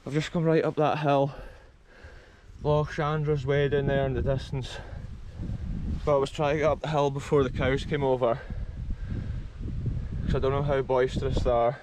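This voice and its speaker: Out on a windy countryside hill, a Scottish-accented man films a relaxed walking vlog, eagerly calling his audience "folks" again and again; he's someone who explores abandoned places. His pitch is medium, his tone level, and his speed normal.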